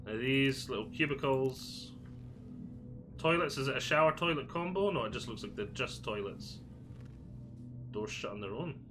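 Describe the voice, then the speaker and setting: A man's voice: medium pitch, expressive, normal speed, pauses often, music in the background. A Scottish man giving a chatty, jokey walkthrough of a video game, thinking aloud as he goes. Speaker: gaming video creator. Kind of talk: casual game walkthrough commentary.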